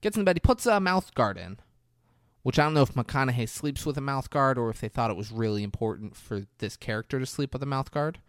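A man recapping a film in casual chat, animated and profane, acting out the lines he quotes. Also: mid-range voice, fast, dry recording, clean studio sound. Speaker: podcast co-host.

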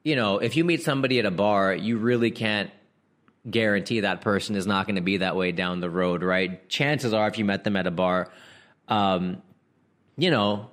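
A young man hosting a casual comedic monologue, slangy and animated, who laughs mid-sentence and acts out quoted voices. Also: fairly low pitch. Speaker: comedian podcast host.

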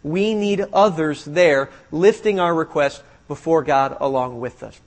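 A man preaching a sermon, reading scripture aloud and then retelling the story with lively emphasis before dropping quiet for his points. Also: unhurried. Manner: reads scripture, then retells it animatedly, drops low for emphasis. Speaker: pastor.

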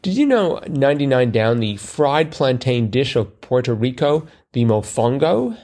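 A man's voice: mid-range voice, big pitch swings, a little slow, darkish tone. Chatty man in casual conversation. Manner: chatty, self-deprecating, lots of fillers and restarts. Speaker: podcast co-host. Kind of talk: casual chat about crosswords.

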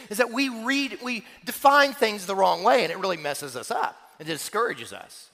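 A man's voice: very high-pitched, gravelly, bright, forceful tone, in a large hall. A male pastor preaching a sermon, telling stories from his own childhood and asking questions of his congregation.

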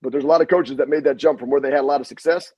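A middle-aged man with a husky voice tells coaching stories in a casual interview. He is animated and acts out the quotes, with salty language. The sound is dry and close. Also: medium pitch, very fast, no echo, muffled recording. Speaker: head basketball coach, guest.

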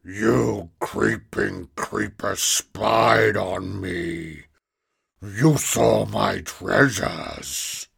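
Guy putting on a slow gravelly growl for a warty little green storybook monster, husky and rough. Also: on the low side, a bit bright, heavily acted. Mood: menacing. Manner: growling, slow menacing threats. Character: squat warty green male monster, angry and hungry.

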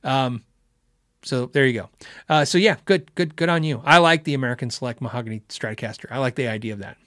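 A man's voice: mid-range voice, quick pace, a bit bright, dry recording, studio quality. A man hosting a live guitar show, chatting casually with viewers, rambling and laughing as he acts out quotes. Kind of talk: casual live-stream chat answering viewer questions.

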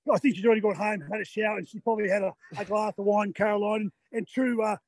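An older Australian man, a marathon runner, chats to radio hosts by phone from outdoors near the finish line. He sounds tired after the race, laughs a lot, and acts out what the crowd shouted at him. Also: sits high, steady tone, quick pace, a little hiss or hum. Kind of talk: casual chat on a live radio call. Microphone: phone on a video call.

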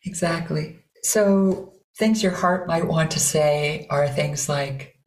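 A middle-aged woman, a voice coach, talking in an interview and demonstrating sounds with sudden loud bursts. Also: low-pitched, slow pace. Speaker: voice coach guest. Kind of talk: conversational interview. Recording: roomy echo.

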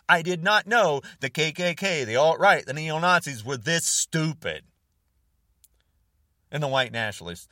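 A man's voice: sits high, pushed and bright, dry recording, clean studio sound, recorded from a distance. An older American man delivering an angry, repetitive rant straight to camera, hammering short phrases and insults. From United States. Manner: furious, repetitive, name-calling, jabbing phrases. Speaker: online video host.

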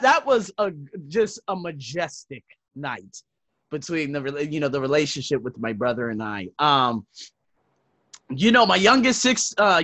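A man hosting a self-help podcast, telling casual stories with swearing and laughter, swinging between loud and soft. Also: fairly high pitch, no echo. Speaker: podcast host. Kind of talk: casual storytelling monologue.

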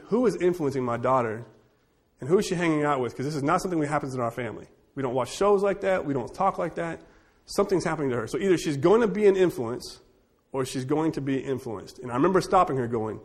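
A man who is a teacher, leading a church group discussion and telling stories in an animated, joking way. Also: fairly high pitch. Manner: animated, jokey storyteller with quick asides. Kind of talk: casual group discussion with storytelling.

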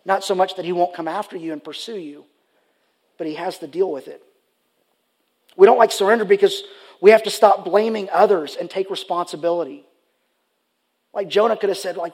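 A man's voice: sits high, a little fast, pauses often, darkish tone, breathy edge. A man preaching a sermon, earnest and conversational, often restarting his sentences. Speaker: pastor.

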